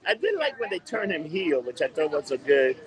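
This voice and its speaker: A man with a fairly high voice co-hosting a casual podcast, loose and opinionated, with "dude" in most sentences. A crowd murmurs clearly behind him. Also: big pitch swings, fairly quick, low-quality recording. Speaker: podcast co-host. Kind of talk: casual chat.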